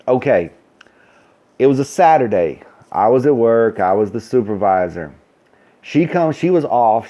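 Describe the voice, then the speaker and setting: A man's voice: medium pitch, warm tone, dull audio. A man who works as a nursing supervisor, telling a story in a blunt, ranting way and acting out the dialogue. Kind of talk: casual storytelling rant.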